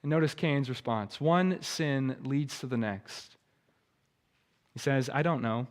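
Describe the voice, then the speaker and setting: A male pastor preaching a sermon, shifting from quiet explanation to loud emphatic warnings and speaking at times to the children. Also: medium pitch, slow, big-room sound. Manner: addresses children in the congregation. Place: church sanctuary.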